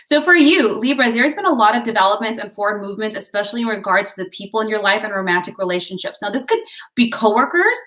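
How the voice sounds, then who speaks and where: A woman reads tarot for her viewers in a loose, conversational way. Her voice is bright and crisp, and she keeps cheering them on, calling them guys and drifting into little asides. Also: mid-range voice, lively intonation, fast. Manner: chatty, digressive, encouraging, addresses viewers as guys. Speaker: tarot and astrology reader. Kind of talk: casual horoscope reading to camera.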